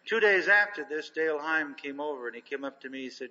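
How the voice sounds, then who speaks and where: A man's voice: on the high side, expressive, quick pace, few pauses, bright, forceful tone. Folksy older man preaching in a hall. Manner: folksy, anecdotal, emphatic. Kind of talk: sermon storytelling. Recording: dull lo-fi recording in a reverberant hall.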